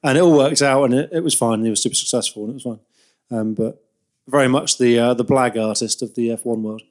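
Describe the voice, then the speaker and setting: A man in his thirties, a podcast co-host, chatting casually. He tells long, rambling anecdotes, often laughs at his own stories, and his voice sits at an ordinary middle pitch. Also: fast, a little mellow. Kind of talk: casual chat.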